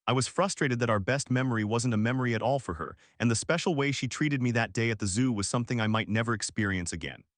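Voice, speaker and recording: A man's voice: medium pitch, fast, few pauses, dry recording, clean studio sound. A man narrating a first-person audiobook in a reflective, confessional way.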